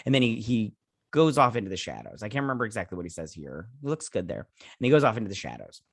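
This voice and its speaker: A man's voice: on the low side, sing-song, vocal fry, slightly rough, no echo. Man, casual recap host, chatty, offhand, dry close sound. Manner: retells scenes with quick offhand impressions; chatty with frequent fillers. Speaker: show host. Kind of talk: casual episode recap and review.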